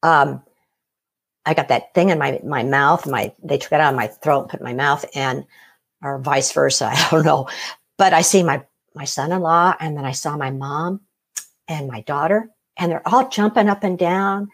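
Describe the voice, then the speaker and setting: A middle-aged woman telling her own story as an interview guest, animated, laughing often and acting out what others said. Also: deep voice, normal speed, gravelly, breathy edge. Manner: animated, laughs often, acts out quoted voices. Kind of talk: personal story in conversation.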